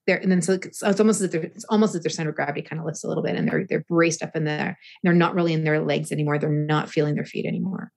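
A woman guest explaining balance and breathing in yoga, speaking slowly and deliberately with frequent restarts. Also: low-pitched. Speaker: yoga and movement teacher, guest. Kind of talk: thoughtful interview answers.

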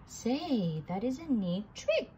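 A woman's voice: fairly high pitch, very animated, takes it slowly, dark tone, highs cut off, slight background noise. A woman doing Goofy, a dopey cartoon dog. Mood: silly. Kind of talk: storybook read-aloud.

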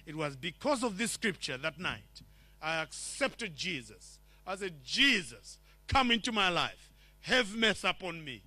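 A man's voice: high voice, big pitch swings, measured pace, pushed and bright, no room sound. A man from Zimbabwe giving an earnest testimony sermon in a church, telling his story and acting out the dialogue.

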